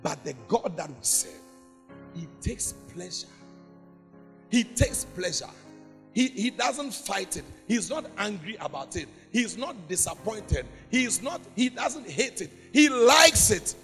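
A man's voice: sits high, big pitch swings, unhurried, a bit bright, soft background music. A man, a pastor, preaching a sermon in an emphatic, repetitive way that swells into chanted prayer. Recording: long hall reverb.

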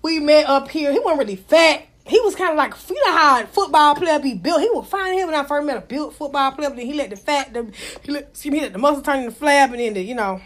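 A woman's voice: high-pitched, quick pace, hardly any pauses. A woman in her thirties telling frank, profane stories in casual chat, acting out what others said. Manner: blunt, profane, animated, acts out quotes.

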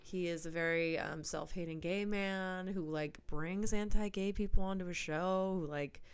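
A woman's voice: on the low side, steady tone, normal speed, smooth. A young woman co-hosting a podcast, telling film and internet stories in casual, chatty talk. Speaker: podcast co-host. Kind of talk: casual chat recapping a film.

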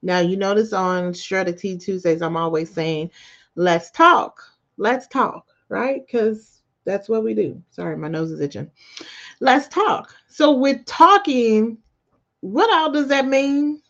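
A woman hosts her podcast in a casual, encouraging chat. Her voice sits at a middle pitch and leaps up when she quotes herself, with frequent laughter. The audio is a little dull. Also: a little slow. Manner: animated storytelling, jumps high when quoting herself; laughs often. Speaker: podcast host.

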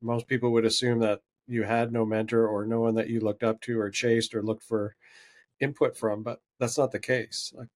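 A man co-hosting a casual interview podcast, relaxed and joking, asking long questions. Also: medium pitch, normal speed. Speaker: podcast co-host.

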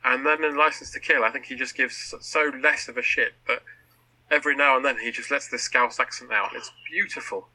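A man's voice: mid-range voice, fairly even intonation, bright, forceful tone, rough recording. A man from Britain, a podcast guest talking casually with frequent restarts. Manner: chatty, stumbling restarts, quick laughs. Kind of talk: casual chat.

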